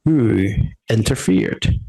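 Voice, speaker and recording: A man voicing a cold, commanding noble patron who speaks from the shadows in a measured, disapproving way. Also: on the low side, very animated, vocal fry, warm tone, full character voice.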